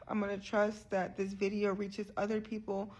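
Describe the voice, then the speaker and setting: Talking straight to camera about her health journey, a young woman comes across earnest and frustrated, repeatedly restarting and repeating words. Her mid-range voice is completely flat and a little slow.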